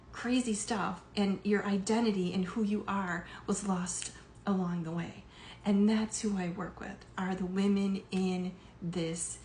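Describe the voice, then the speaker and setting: In an echoey room with faint background noise, a middle-aged woman who works as a life coach talks casually to her audience. Her voice is medium-pitched and a little mellow, and her monologue to camera is full of fillers with some emotion.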